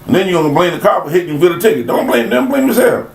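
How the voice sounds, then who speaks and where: A man's voice: fairly high pitch, very animated, rapid-fire, echoey room, a little hiss or hum, poor audio. A man giving a rambling, blunt motivational talk, scolding and preaching with long lists of words and snatches of song. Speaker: motivational speaker.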